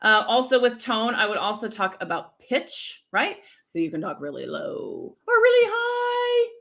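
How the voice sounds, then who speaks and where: Energetic middle-aged woman coach, fairly high voice, pitch jumping all over, keeps asking okay?. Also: unhurried, creaky. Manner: energetic, teacherly, checks in with "okay?". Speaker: speaking coach. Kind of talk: live-stream coaching lesson.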